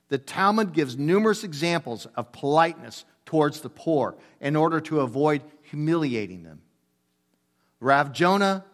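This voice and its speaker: A man in his sixties preaching a sermon as a pastor, telling stories in an animated, emphatic way with casual asides. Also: mid-range voice.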